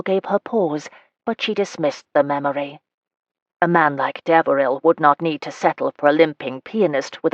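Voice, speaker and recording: A woman with a low, steady voice reads a romance novel aloud as scripted narration, lifting her pitch a little for the characters' lines. The recording is dry and close, with a slightly muffled, dull tone. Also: no echo. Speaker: audiobook narrator.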